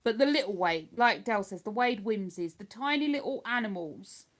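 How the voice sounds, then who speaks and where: With a fairly bright tone and lively intonation, an older woman from Hertfordshire talks at a moderate pace and medium pitch. She is a livestream host casually responding to viewer comments, her accent midway between posh and London.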